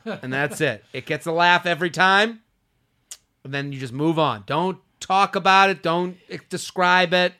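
A young man hosting a podcast, telling comic stories in casual chat and dropping low and quiet for asides. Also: normal speed, clear, resonant tone. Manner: animated storytelling, drops low and quiet for asides. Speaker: podcast host.

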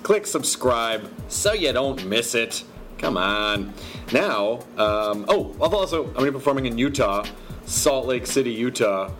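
A man hosting a podcast, reading sponsor spots with playful, jokey asides. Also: fairly low pitch. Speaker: podcast host. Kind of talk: reading ads and introducing the episode.

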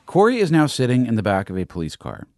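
A man's voice: medium pitch, huge pitch swings, quick pace, a little mellow, slight background noise. A man hosting an investigative podcast, telling the story in scripted narration with pointed emphasis. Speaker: podcast host and reporter.

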